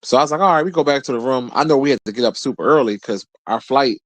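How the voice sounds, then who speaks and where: A man in his forties telling a rambling, profane story in a casual rant, his voice jumping high whenever he quotes someone. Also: fast talker, no room sound. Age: 40s. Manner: profane, animated, jumps high when quoting people. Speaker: streamer host.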